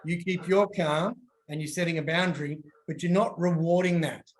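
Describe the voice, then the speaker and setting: A man's voice: a little high, normal speed. A man giving casual coaching advice and acting out little voices as he tells stories. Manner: animated, acts out voices in his stories.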